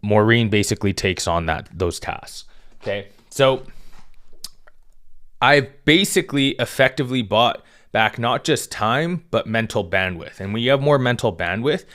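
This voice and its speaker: A man with a fairly low voice explains business advice in a relaxed, conversational way. He speaks like a coach talking to entrepreneurs, filling pauses with "um" and tagging points with "right?". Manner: conversational, frequent "right?" and "um" fillers. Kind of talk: casual direct-to-camera advice talk.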